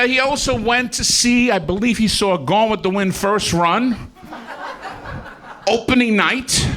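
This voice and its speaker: A man's voice: high-pitched, fairly bright tone. A man doing a stand-up comedy set on a comedy club stage, telling self-mocking jokes and chuckling through his punchlines.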